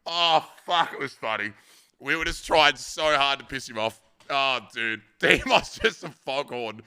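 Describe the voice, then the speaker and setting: A man's voice: mid-range voice, expressive, a little slow, creaky, pushed and bright, clean tone. A young Australian man streaming, telling crude stories to his chat and often laughing while he talks. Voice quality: crude, swears freely, laughs through stories. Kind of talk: casual live-stream storytelling.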